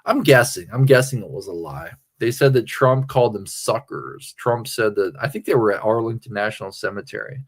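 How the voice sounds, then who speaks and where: A man's voice: on the low side, fairly quick, few pauses. Tipsy man rambling on a livestream. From Pennsylvania. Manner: meandering, crude, self-interrupting. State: tipsy from drinking. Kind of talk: rambling casual livestream chat.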